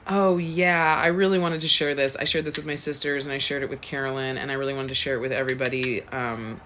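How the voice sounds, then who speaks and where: Low-voiced woman telling an earnest story on a podcast, bits of hiss. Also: fairly even intonation, quick pace, a bit bright. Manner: earnest storytelling, acts out her own thoughts in a higher voice. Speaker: podcast co-host. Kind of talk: casual spiritual chat.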